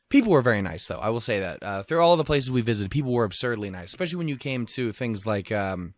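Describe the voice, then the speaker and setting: A young man from Montana rambles through a casual podcast rant, swearing freely and breaking into lively put-on quotes. His voice sits at an ordinary pitch for a man. The sound is dry and close, with no room around it. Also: fast, few pauses, no echo. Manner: profane, rambling, animated quoting. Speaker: podcast host.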